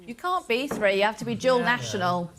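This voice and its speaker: A man's voice: extremely high pitch, animated, brisk, a bit bright. A man impersonating a prim, insistent female debate guest in a comic reenactment of a TV debate.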